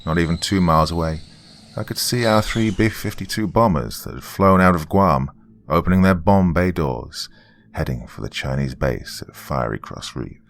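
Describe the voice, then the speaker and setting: Very deep-voiced man narrating horror. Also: creaky. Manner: grave, measured storytelling with shouted quoted lines. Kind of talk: dramatic first-person story narration.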